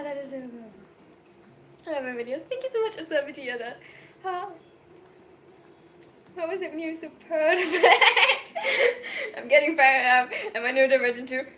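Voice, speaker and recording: A woman in her twenties from Germany, chatting casually on a livestream over her phone, excitable and giggly with rambling self-mocking jokes. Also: high-pitched, normal speed, pauses often, a little hiss or hum. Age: 20s. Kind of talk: casual chat.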